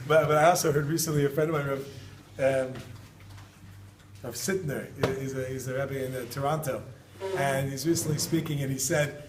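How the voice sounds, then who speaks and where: A man giving an informal Torah talk as a rabbi to students, animated and joking, repeating phrases for emphasis. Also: on the high side. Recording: echoey room, distant mic, background noise.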